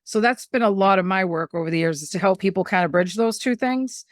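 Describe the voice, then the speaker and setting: A woman's voice: mid-range voice, brisk, no room sound, clean studio sound. Chatty middle-aged woman telling stories. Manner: chatty, animated, acts out quoted voices. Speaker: medium and spiritual teacher, podcast guest. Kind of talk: casual storytelling conversation.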